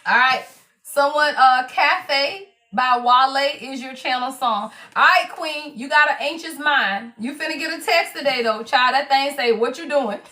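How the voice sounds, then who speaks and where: A woman's voice: sits high, measured pace, bright, forceful tone. A woman giving a casual live tarot reading, blunt and profane, laughing often and calling her viewers y'all. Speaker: tarot reader.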